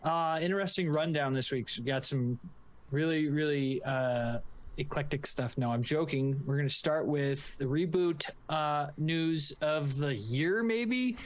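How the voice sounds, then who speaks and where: A man's voice: a little high, measured pace. A man co-hosting a casual podcast, rambling and joking with lots of fillers and restarts. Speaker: podcast co-host.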